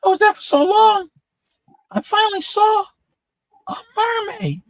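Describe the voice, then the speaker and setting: A shipwrecked former sailor with a tiny head, talks in a shrill, squeaky voice pitched way up high. He tells his story eagerly and pleads for what he wants. The sound is close and dry. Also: very animated, a little slow, no echo, heavily acted, rough recording. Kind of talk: joke telling.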